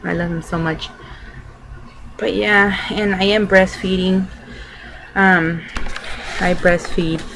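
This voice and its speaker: A woman's voice: on the low side, flat delivery, slow, gravelly, pauses often, a bit bright, slight background noise, poor audio. A young adult woman vlogging, telling a personal story to camera in a loose, rambling way full of filler words.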